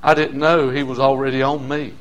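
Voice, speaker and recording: An older man preaches a folksy sermon as a pastor, swinging between loud shouted passages and quiet asides. His voice is mid-range and level in tone, moving a little fast.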